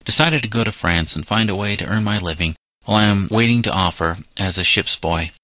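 A man's voice: lowish voice, fairly quick, bright, forceful tone, no room sound. A man reading as a defiant runaway boy of seventeen. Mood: sullen. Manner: bitter, resentful protests.

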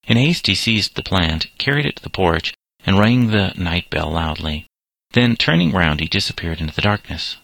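A man reads a story aloud in a steady, measured way. His voice is low and bright. It sounds close and dry, with no room sound. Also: gravelly, dry recording. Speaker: narrator. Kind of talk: storybook reading.

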